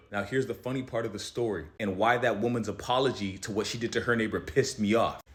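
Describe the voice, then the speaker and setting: A young man telling a personal story in an animated way, his voice climbing high when he gets worked up. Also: fast talker, few pauses. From United States. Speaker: commentator. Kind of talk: storytime commentary.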